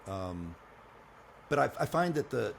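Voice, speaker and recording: A man's voice: medium pitch, very animated, unhurried, creaky, slight background noise. A man co-hosting a podcast, talking in a blunt, laid-back way with some swearing. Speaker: podcast co-host. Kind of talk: casual podcast chat.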